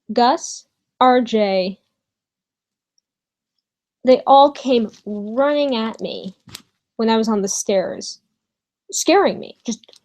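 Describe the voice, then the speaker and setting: A young woman telling a storytime vlog from her bedroom, hesitant with many pauses and fillers, swearing casually. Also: fairly high pitch, darkish tone, low-quality recording. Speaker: vlogger.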